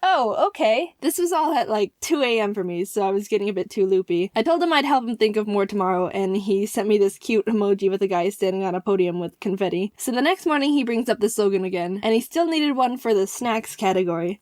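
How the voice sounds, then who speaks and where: A young woman narrating a funny personal story in a vlog, animated and quick to laugh, acting out the lines she quotes. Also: mid-range voice, no echo, clean studio sound.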